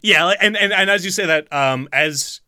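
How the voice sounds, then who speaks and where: A man's voice: sits high, normal speed, sharp tone, clean tone, dry recording, studio quality. A man running a tabletop game as game master, rambling with fillers, swearing casually and laughing often.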